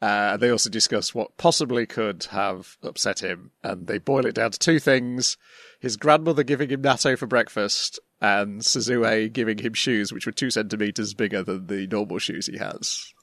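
A man's voice: on the low side, moderate pace, fairly bright tone, no room sound, clean studio sound. A man summarizing an anime episode in casual chat, with frequent ums and restarts. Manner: summarizes plot with hesitant ums. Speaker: podcast host.

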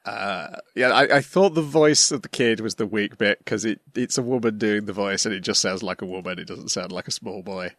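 Low-voiced man recapping an anime. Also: moderate pace, few pauses, fairly bright tone, dry recording, clean studio sound. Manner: summarizes plot with hesitant ums. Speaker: podcast host. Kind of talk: casual anime recap chat.

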